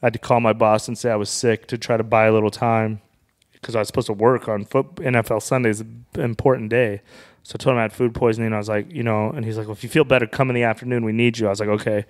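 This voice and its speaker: A man's voice: on the low side, flat delivery, quick pace. A man who is a comedian, a guest on a podcast, telling a story in a casual and profane way.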